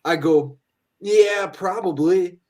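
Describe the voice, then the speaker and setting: A man's voice: sits high, slow pace, darkish tone. A man casually telling a work story on a podcast call, plain and matter-of-fact. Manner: easygoing, matter-of-fact anecdotes. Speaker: guest. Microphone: remote video call mic.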